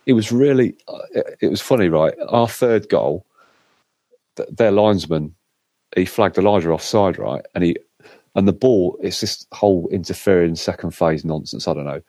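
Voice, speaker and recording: A middle-aged man telling a lively story in casual chat, acting out what others said. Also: low-pitched, normal speed, no echo. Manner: animated storyteller, acts out quotes. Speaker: co-host.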